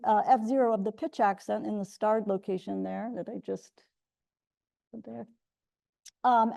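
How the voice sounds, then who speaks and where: A middle-aged woman delivers an academic lecture in a measured, explanatory way. Her voice sits a little high but sounds mellow, with a gravelly fry running through it. She often restarts and corrects herself mid-sentence. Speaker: linguistics researcher giving a colloquium talk. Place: lecture room.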